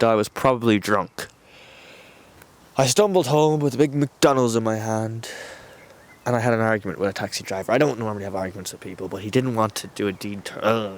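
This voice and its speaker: A young Irish man telling a story casually, animated and swearing as he acts out what people said. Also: on the low side, vocal fry, clear, resonant tone. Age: young adult. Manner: animated, swearing, acting out quotes.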